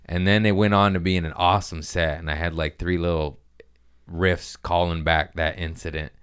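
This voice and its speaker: A man's voice: low voice, flat delivery, normal speed, a bit bright, clean tone. A man hosting a podcast, casually telling a rambling, profane story about his comedy gig.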